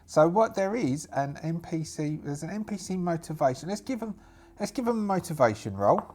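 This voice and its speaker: A man's voice: fairly high pitch, big pitch swings, fairly quick, darkish tone. A man narrating a solo tabletop game in a rambling, self-amused way, restarting often.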